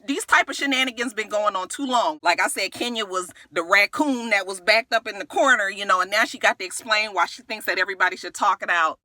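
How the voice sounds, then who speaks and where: A woman giving a casual, profane recap of a reality TV episode, animated and quick, acting out the cast's lines with big jumps in pitch. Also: dry recording, clean studio sound.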